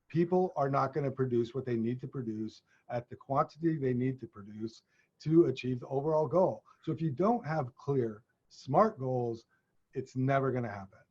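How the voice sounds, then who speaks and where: Husky American man, co-host, emphatic and repetitive, dull lo-fi recording. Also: medium pitch, expressive, moderate pace, a little mellow. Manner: emphatic, repeats points for stress. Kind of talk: casual business chat. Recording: dull lo-fi sound.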